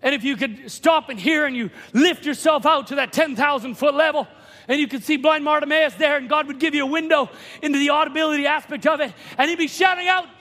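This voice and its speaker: A man preaching a sermon in a church, impassioned, swinging from hushed asides to shouting. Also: very high-pitched, a little fast. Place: church sanctuary. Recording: long hall reverb.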